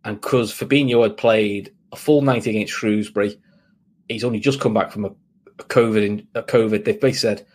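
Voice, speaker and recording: Podcast co-host, man, low husky voice, blunt and opinionated. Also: fairly even intonation, a little fast, a little mellow. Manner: blunt, opinionated, talks in long runs with restarts. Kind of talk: casual football chat.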